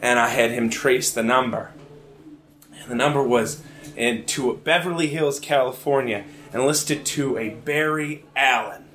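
A young man from Virginia telling a rambling, animated comic story live. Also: medium pitch, a little slow. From Richmond, Virginia, US. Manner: animated, rambling, self-amused. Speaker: comedic storyteller. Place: theater lounge. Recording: roomy theater lounge.

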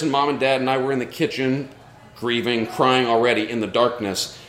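A man's voice: mid-range voice, a little hiss or hum. Earnest male storyteller in a roomy venue. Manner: earnest and reflective. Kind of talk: live personal storytelling. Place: live show at a brewery. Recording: roomy live venue sound.

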